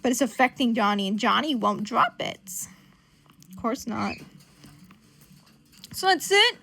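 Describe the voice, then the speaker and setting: A woman recapping a comic in casual chat, profane, giggly and animated. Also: fairly high pitch, normal speed, gravelly, slightly rough. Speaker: comic book reviewer.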